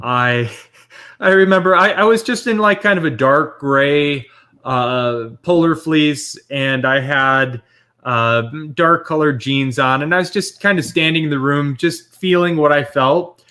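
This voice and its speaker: A man with a somewhat high voice chats casually as a podcast host. He tells stories with lively energy and laughs often while recalling them. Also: measured pace. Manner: animated storytelling, laughs often. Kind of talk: casual chat.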